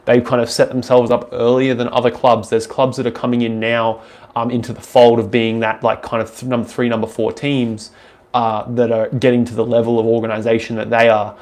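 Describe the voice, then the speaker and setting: A man's voice: mid-range voice, flat delivery, brisk, darkish tone. A young Australian man with an Australian accent, casually answering viewer questions on a live stream in a loose, rambling way, full of ums and restarts.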